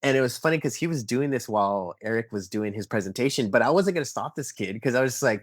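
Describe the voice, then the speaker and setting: A young man telling stories in a casual interview, animated and full of fillers, acting out what people said. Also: medium pitch, quick pace, few pauses, dry recording, clean studio sound. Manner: animated storyteller, acts out quotes, many fillers like "like" and "um". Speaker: podcast guest, toy photographer.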